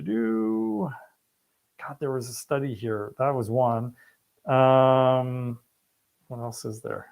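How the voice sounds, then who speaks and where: A man who works as a fertility specialist talks through a live question-and-answer stream. His voice sits at a middle pitch and his tone is casual and joking. He stumbles through long study titles and answers viewers plainly. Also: darkish tone, smooth.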